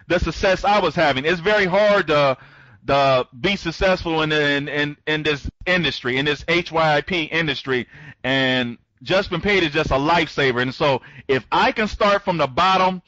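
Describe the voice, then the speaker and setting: A man with a fairly high, bright voice runs an online training session and rambles from one thought to the next. He restarts his sentences constantly and greets listeners by name. The audio is dull and lo-fi. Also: no room sound. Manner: speeds up when excited. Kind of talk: live online training talk.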